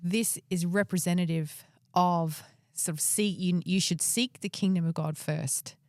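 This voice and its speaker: A woman's voice: on the low side, fairly even intonation, unhurried, no echo, clean studio sound. A woman co-hosting a podcast, casually retelling a Bible story and asking her co-host questions.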